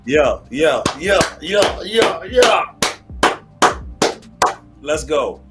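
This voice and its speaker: Slow, cheering man on a sports panel. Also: a little high, big pitch swings, loud music behind the voice. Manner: cheering backchannel, joking. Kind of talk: casual sports talk.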